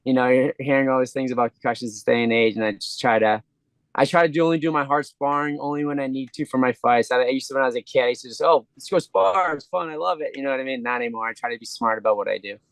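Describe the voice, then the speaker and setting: Brief: male fighter guest, quick rambling earnest answers, dry close mic. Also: medium pitch, steady tone, clear, resonant tone, dry recording. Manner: rambling, earnest, restarts sentences. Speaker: interview guest, pro fighter. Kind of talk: casual interview answers.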